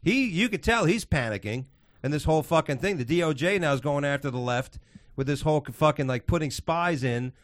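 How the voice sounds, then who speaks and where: A man hosts a rough, profane political chat, ranting with excitable energy. His voice sits a little high and sounds dry and close, with no room echo. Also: brisk. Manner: ranting, excitable, swears constantly.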